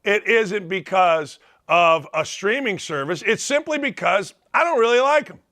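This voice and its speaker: A sports talk host holds forth in a blunt, animated monologue. His voice sits high for a man and rings bright and forceful. He punches his opinions out plainly and slips into mock shouting to make a point. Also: normal speed.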